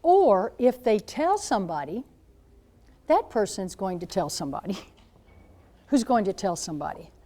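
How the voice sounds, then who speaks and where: A woman in her seventies, a Catholic nun speaking to high school students as a guest speaker, telling stories in an animated way and acting out what people said. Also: moderate pace, pauses often. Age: 70s. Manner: animated storyteller, acts out quoted voices. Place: school gathering room.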